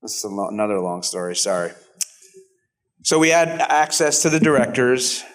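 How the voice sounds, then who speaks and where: A man in his fifties, an actor on a convention panel, telling stories in an animated, self-deprecating way. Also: mid-range voice, normal speed. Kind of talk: storytelling panel talk.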